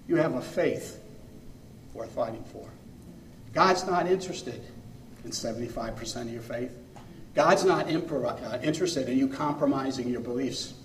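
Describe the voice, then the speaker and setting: A man preaching a sermon as a pastor, earnest, pausing phrase by phrase and swinging between loud and soft. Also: medium pitch, a little hiss or hum. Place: church sanctuary. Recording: echoey room, mic far off.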